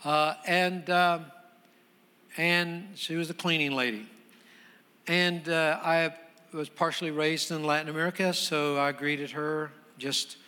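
A man preaching a sermon as a guest pastor, his voice a little high and very bright. He tells his story conversationally, then swells into loud, emphatic preaching. A long church reverb trails each phrase. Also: fairly even intonation, unhurried, smooth.

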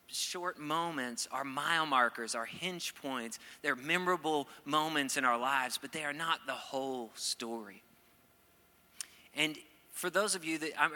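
A middle-aged man preaching a sermon, playful and animated at first, then earnest. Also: mid-range voice, long reverb tail. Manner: playful, acts out quoted voices, then earnest. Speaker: pastor.

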